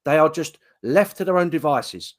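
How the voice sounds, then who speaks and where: A man, a political party leader, answering an interview question with a forceful, rapid run of grievances. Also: on the high side, expressive. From Britain.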